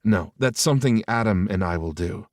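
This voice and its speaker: An easygoing, friendly groom-to-be, as a male narrator voices him talks lightly and warmly. His voice sits a little above the narration. The sound is close and dry. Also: lowish voice, animated, moderate pace, no echo. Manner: friendly, chuckling. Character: easygoing man, the happy groom-to-be.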